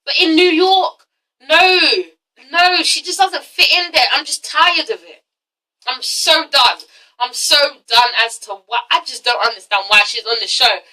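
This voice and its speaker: High bright-voiced woman ranting. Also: a little slow, distant mic, rough recording. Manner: blunt, exasperated, swears a lot. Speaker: YouTube reality-TV reviewer. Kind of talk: casual ranting review vlog.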